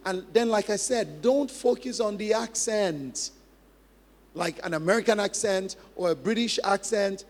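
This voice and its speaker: With a high voice and measured pace, the pastor teaches conversationally, repeating himself for emphasis and laughing frequently. The church hall gives a long reverb, and faint music plays underneath.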